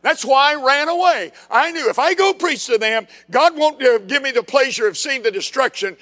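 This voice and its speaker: A resentful, self-pitying male prophet grumbles about a mercy he never wanted, as a preacher puts him on. The voice sits very high for a man, with a bright, forceful edge. It rings out with a long reverb tail, as if in a large hall. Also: expressive, normal speed, exaggerated voice. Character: sulking angry male prophet.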